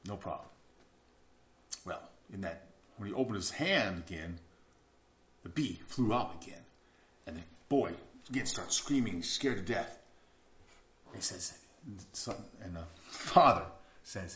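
A man's voice: sits low, expressive, measured pace, pauses often, a little hiss or hum. Earnest preacher man in an echoey room. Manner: earnest, with sudden swings between hushed and emphatic; repeats words for emphasis. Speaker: pastor. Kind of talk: sermon. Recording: echoey room, dull lo-fi sound.

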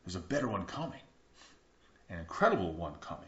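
A man preaching a sermon, earnest, moving between hushed passages and emphatic bursts and repeating words for emphasis. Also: low-pitched, sing-song, a little fast. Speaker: pastor. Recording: echoey room, dull lo-fi sound.

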